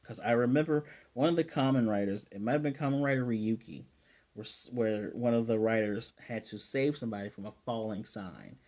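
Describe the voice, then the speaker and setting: A man talks through an anime review in a loose, rambling way, pausing to read from his notes. His voice is dark and mellow, sitting in a middle pitch. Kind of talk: casual recap.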